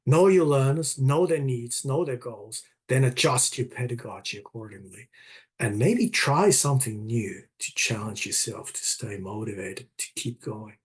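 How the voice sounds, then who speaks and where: An academic presents his research on a video call during an online conference talk and Q&A. His medium-pitched, slightly rough voice explains at length, hesitant and full of fillers and restarts.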